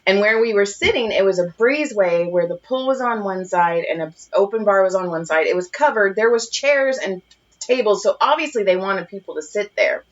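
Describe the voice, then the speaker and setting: A woman's voice: medium pitch, normal speed, slight background noise. Profane storytelling woman podcast co-host. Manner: animated, profane, laughs at her own stories. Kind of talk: casual storytelling chat. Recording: muffled lo-fi podcast audio.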